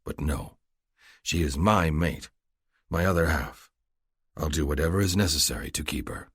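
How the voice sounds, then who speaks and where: A man narrating a story in first person, with a measured, grave delivery. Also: extremely low pitch, lively intonation, fairly bright tone, husky, no echo, clean studio sound. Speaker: audiobook narrator.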